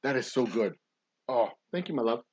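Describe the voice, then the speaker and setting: A playful man chats casually as he mixes a drink, rambling into far-fetched stories that he tells with a straight face. His voice sits at a middle pitch, and the recording sounds a little dull. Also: animated, moderate pace, a little mellow, husky. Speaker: podcast host and distiller. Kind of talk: casual chat while mixing a cocktail.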